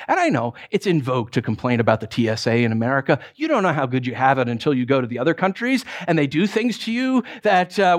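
Animated, talkative male pastor preaching. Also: on the high side. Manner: animated storytelling with many restarts and acted asides. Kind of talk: sermon.

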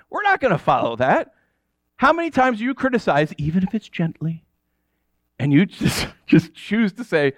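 A man's voice: sits high, moderate pace, dry recording. A man in his thirties preaching a sermon, telling stories and acting out the voices of people he quotes. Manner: animated storytelling, acts out quoted voices. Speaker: pastor.

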